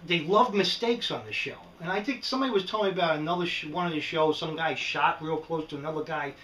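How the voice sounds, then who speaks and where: A rambling, animated man with a New York accent, his voice pitched a little high. He sits back from the mic in a roomy space with a clear echo. He is a middle-aged vlogger on a casual rant. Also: quick pace, distant mic, slight background noise. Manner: animated, rambling, frequent "right?" asides. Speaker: prepping vlogger. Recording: echoey room, speaker away from the mic.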